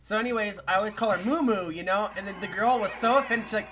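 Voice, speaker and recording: A man's voice: high voice, fast talker, hardly any pauses, background noise. A young man co-hosting a podcast, chatting loosely and crudely about a party game and laughing often. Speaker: podcast co-host. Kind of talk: casual comedic chat while playing a party game.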